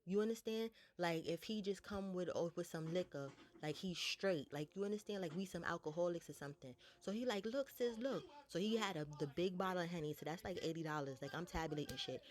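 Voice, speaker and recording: A young woman casually telling a storytime, blunt and profane, jumping up in pitch to act out what people said. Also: quick pace, few pauses. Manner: animated retelling, blunt and profane, voices others higher.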